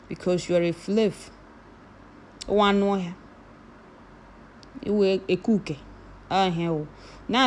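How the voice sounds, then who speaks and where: Woman, mid-pitched, reads comments, then scolds hard. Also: slight background noise. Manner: switches from calm reading to loud scolding. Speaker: commentator reading viewer comments. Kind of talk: reading and answering comments.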